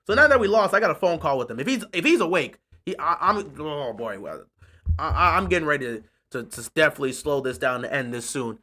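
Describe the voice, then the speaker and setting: Fan host on a live reaction stream: bright, sharp tone, sarcastic, fed up, repeats himself for effect. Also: mid-range voice, expressive, fast talker. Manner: frustrated, sarcastic and repetitive.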